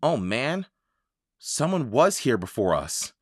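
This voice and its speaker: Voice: mid-range voice, big pitch swings, slow pace, slightly rough, no echo, studio quality, heavily acted. A reader voicing a cautious bookish young boy. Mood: anxious. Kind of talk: children's audiobook reading.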